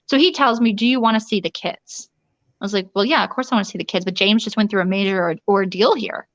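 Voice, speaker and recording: A woman interview guest telling a personal ordeal in a rushed, urgent way, often restarting sentences and acting out quoted dialogue. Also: medium pitch, dry recording. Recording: dull lo-fi dry recording.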